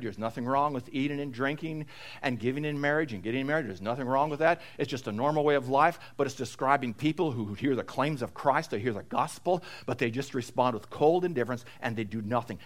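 A man preaching an expository sermon, swinging between loud emphatic stress and low, quiet passages, often repeating phrases for weight. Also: a little fast.

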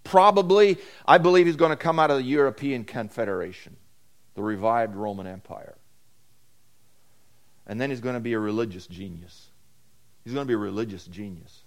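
A man preaching a sermon, swinging between loud emphatic declarations and quieter asides, often repeating key phrases. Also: mid-range voice, normal speed, long pauses. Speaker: pastor.

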